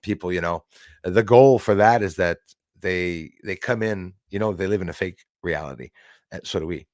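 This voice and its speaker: Man, low voice, dry sound, casual rambling stream host reading out the chat. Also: normal speed, darkish tone, no echo. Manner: rambling, greets chat viewers by name.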